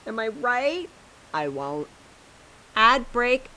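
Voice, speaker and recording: Bright-voiced chatty woman streamer. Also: on the high side, very animated, drawn-out words, poor audio. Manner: chatty, self-mocking, giggly. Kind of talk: casual live-stream chatter while gaming.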